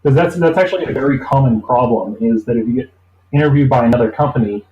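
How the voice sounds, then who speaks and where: A man telling a long anecdote in a relaxed interview, rambling and acting out the people he quotes. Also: mid-range voice, quick pace, lo-fi sound, slight background noise. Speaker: interview guest. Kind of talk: casual storytelling. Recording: roomy echo.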